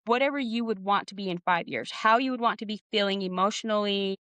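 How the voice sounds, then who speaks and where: A woman's voice: medium pitch, fast, fairly bright tone, clean tone, no room sound. A woman coach in her thirties, guest on a podcast, explaining her ideas earnestly in a casual conversational way and acting out bits of inner dialogue.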